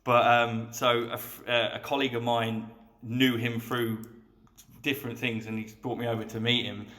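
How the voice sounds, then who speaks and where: A man's voice: mid-range voice, moderate pace. A man telling bartending anecdotes in a casual chat, acting out the voices of people in his stories. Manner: animated storyteller, acts out quoted voices. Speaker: guest bartender. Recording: roomy echo.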